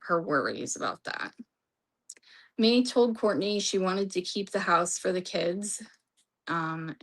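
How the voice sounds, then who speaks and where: Slow-talking woman recapping a trial. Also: on the low side, sharp tone. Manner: rambling, restarts, reads from notes. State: losing her voice. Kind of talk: casual courtroom recap.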